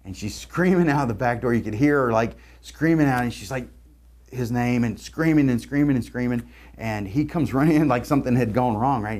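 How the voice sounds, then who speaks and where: A man's voice: medium pitch, expressive, normal speed, a little mellow. A man telling a heartfelt story about hiring while promoting his recruiting firm. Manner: earnest, storytelling, repeats words. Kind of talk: promotional talk to camera.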